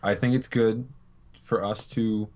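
A man's voice: on the low side, fairly even intonation, unhurried, a little mellow. A man co-hosting a podcast in casual chat, throwing in playful, joking quips. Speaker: podcast co-host.

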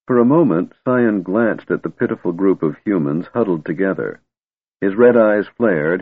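Male audiobook narrator, husky, phone-thin sound. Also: deep voice, dry recording. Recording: tinny narrow-band recording.

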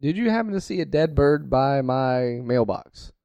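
A man's voice: mid-range voice, expressive, normal speed, creaky, darkish tone, no echo, lo-fi sound. Jokey man hosting a casual chat. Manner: jokey, laughs often. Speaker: podcast host.

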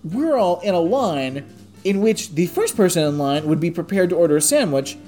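A man's voice: sits high, animated, moderate pace, mellow, faint music behind. A man telling a story in casual chat, swearing often and sounding exasperated as he rants. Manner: profane, exasperated ranting storyteller.

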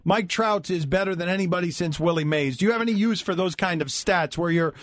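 A man's voice: sits high, brisk, a bit bright. A man hosting sports talk radio, teasing and joking with his guest. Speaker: radio show host.

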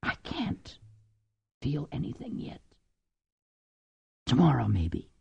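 A man's voice: fairly high pitch, huge pitch swings, slow, vocal fry, mellow, husky, lo-fi sound, exaggerated voice. A man voicing a choking, poisoned woman. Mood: numb. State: choking on phlegm. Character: poisoned pregnant woman, brave and frank.

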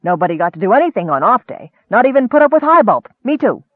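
A man's voice: high voice, sing-song, fast, no echo, pitched above the performer's own voice. A man voicing an old, indifferent dwarf adviser who speaks bluntly in broken grammar, recorded narrow and dry. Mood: dismissive.

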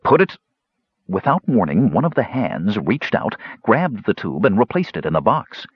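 A man narrating a fantasy audiobook in a dramatic, animated storytelling manner, in a dull lo-fi recording. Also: lowish voice, normal speed, breathy edge, no room sound.

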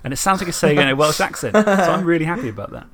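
A man's voice: a little high, expressive, racing, a crowd in the background. Chatty man on a podcast. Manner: chatty, rambling, laughs often. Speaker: podcast co-host. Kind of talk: casual chat about tabletop and video games.

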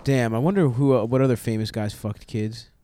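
A man co-hosting a comedy podcast, throwing in crude jokes and quick reactions. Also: mid-range voice, warm tone. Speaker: podcast co-host. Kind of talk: casual comedic chat.

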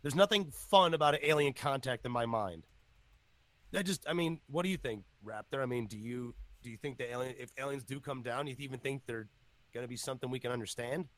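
Excitable, profane podcast host man. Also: medium pitch, brisk, no room sound. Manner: excitable and profane, jumps between topics. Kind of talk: casual podcast chat.

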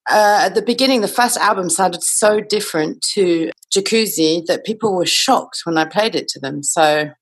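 A woman's voice: lowish voice, normal speed, hardly any pauses, husky. Reflective woman musician being interviewed. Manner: reflective, laughs easily, says "you know". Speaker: musician guest. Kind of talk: casual interview over a video call. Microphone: video call.

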